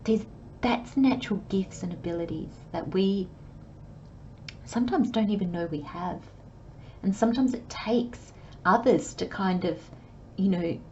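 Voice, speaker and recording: A woman talks through a tarot reading in a gentle, chatty way, slipping into short imagined dialogues. Her voice sits in an ordinary middle range. The recording is slightly dull, with a faint hiss behind her. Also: mid-range voice. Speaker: tarot reader. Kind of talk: channelled tarot reading monologue.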